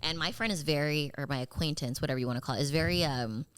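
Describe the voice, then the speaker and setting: Woman, podcast host, low voice, dry close sound, chatty, filler-heavy. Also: quick pace, a bit bright, smooth, no room sound. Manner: chatty, laughs often, many fillers. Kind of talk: casual chat.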